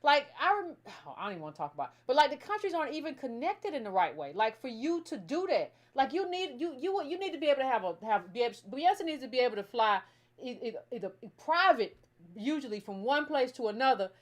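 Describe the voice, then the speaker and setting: Fast-talking, high-voiced American woman host. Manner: animated, emphatic, rambling with restarts. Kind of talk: casual political commentary.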